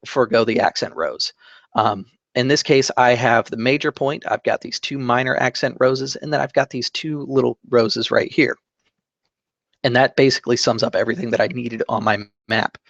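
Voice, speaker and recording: A man with a gravelly, mid-pitched voice talks through a digital drawing tutorial in a relaxed, step-by-step way, pausing on fillers and correcting himself. The recording from his desk mic sounds dull and dry. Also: dry recording. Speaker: tabletop game channel host. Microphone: desk microphone.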